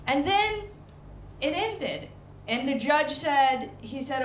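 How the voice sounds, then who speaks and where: A woman performing a stand-up comedy set, animated, jumping into loud high mock voices for punchlines. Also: slow, slight background noise. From United States. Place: comedy venue stage. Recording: echoey live venue, faint ambience.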